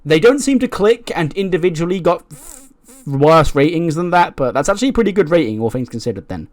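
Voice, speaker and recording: A man's voice: fairly high pitch, sing-song, fairly quick, no echo. A man casually narrating a wrestling management game, chatty with lots of fillers. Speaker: let's play host.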